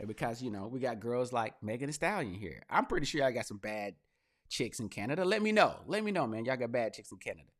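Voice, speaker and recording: Slangy, animated podcast host man. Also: mid-range voice, fast. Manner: animated, slangy, swings loud and laughing into mock rants. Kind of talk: casual commentary monologue.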